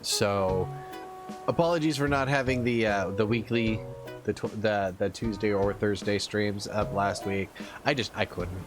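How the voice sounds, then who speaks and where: Slow-talking man streaming a game. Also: on the low side. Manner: halting and self-deprecating, with many restarts. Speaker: VTuber streamer. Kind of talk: casual chat while playing a video game. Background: plucked guitar game music.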